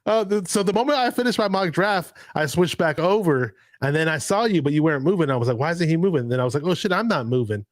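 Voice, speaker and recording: Excited rambling sports show host man. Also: on the high side, fast, hardly any pauses, no echo. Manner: excited, rambling, laughs often. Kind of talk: casual football chat.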